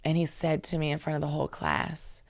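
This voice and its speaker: A woman in her thirties from Maryland, telling stories in a lively, animated way as an interview guest. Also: deep voice, a little fast, no room sound. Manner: lively, animated storytelling with asides. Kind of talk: casual storytelling.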